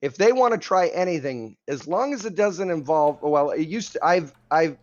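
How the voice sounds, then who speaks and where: A man's voice: fairly high pitch, lively intonation, normal speed, highs cut off. A man co-hosting a podcast, chatting casually with joking, self-deprecating remarks. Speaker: podcast co-host. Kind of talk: casual chat.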